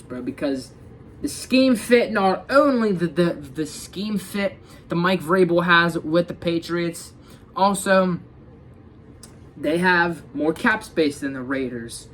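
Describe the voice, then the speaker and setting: With a slightly high, somewhat bright voice and a little hiss or hum in the recording, a young sports fan vlogger chats casually about football. Tired and yawning, he rambles, keeps restarting, and leans on "dude" and "bro."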